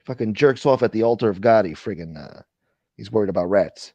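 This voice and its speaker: A man's voice: lowish voice, lively intonation, brisk, mellow, no room sound, highs cut off. A man hosting a casual livestream chat, ranting with profanity and thanking viewers for donations. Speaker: livestream host.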